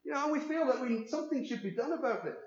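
A man preaching with a high, earnest voice that repeats key phrases for emphasis. His sermon rings through a large echoing church, and the recording sounds somewhat dull and lo-fi. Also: expressive, very fast. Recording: echoey, dull lo-fi room recording.

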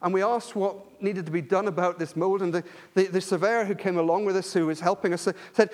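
High-voiced preacher, earnest sermon. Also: male voice, steady tone, fairly quick, few pauses, a little mellow. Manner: earnest, repetitive emphasis with frequent restarts.

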